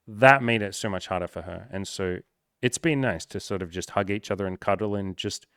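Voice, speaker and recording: A man's voice: low-pitched, fairly quick, vocal fry, a bit bright, smooth, dry recording, studio quality. A young man hosting a podcast, talking candidly and near tears in a personal monologue, swearing freely. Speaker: podcast host.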